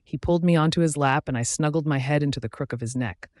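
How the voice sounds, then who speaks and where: A man narrating a fantasy romance audiobook in the first person, in an even storytelling delivery. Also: fairly high pitch, quick pace, dry recording, clean studio sound.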